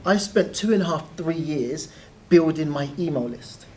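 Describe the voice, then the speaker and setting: Animated guest telling stories. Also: medium pitch, moderate pace. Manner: animated, laughing, acts out quoted voices. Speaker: guest, property deal trainer. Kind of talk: casual interview storytelling.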